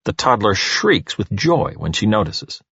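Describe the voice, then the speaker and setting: A man narrating an audiobook in an expressive, animated storytelling manner. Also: lowish voice, unhurried, slightly rough, no echo, muffled recording.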